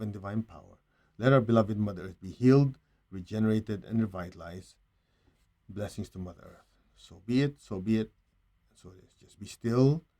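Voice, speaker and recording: A man with a Chinese accent guiding a meditation in a hushed, slow, calm voice with long pauses. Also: on the low side. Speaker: meditation teacher. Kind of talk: guided meditation.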